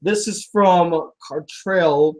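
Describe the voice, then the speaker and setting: A man's voice: on the high side, drawn-out words, slight background noise. A man hosting a casual vlog, reading out fan mail in a sarcastic, laughing way.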